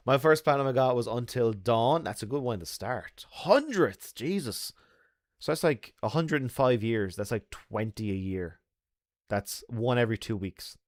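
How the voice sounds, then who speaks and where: A man's voice: mid-range voice, dry recording, studio quality. A man with an Irish accent chatting casually with viewers from a bar, joking and laughing often. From Ireland. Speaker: host. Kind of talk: casual live chat with viewers.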